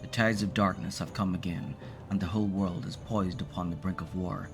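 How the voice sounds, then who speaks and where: A man's voice: sits low, fairly even intonation, fairly quick, vocal fry, music in the background. A man reading out the lines of an old male prophet in a solemn, declaiming way. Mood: grave warning.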